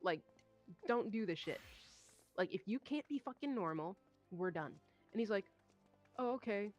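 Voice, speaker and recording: A young woman chats casually on stream, telling a long story with plenty of swearing and animated quoted voices. Her pitch sits mid-range for a woman. Faint music plays quietly behind her. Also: moderate pace, lo-fi sound.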